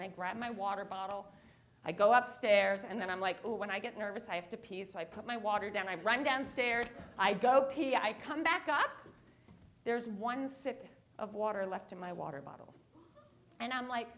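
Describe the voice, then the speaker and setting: A woman's voice: medium pitch, normal speed, slight background noise. A woman giving a motivational talk on stage, telling a story and acting out her own reactions. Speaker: keynote speaker. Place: conference stage.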